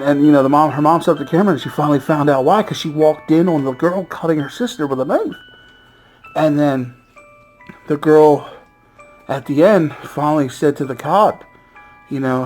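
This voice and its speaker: A man casually recapping a horror film's plot as a movie reviewer, rambling and excitable, with lots of fillers and swearing. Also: a little high.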